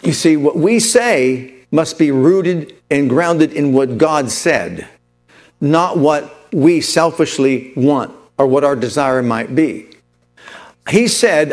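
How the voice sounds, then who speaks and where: A man's voice: on the high side, expressive, slow pace, faint music behind. A man preaching a sermon, building with emphatic repetition and rising declarations. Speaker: pastor.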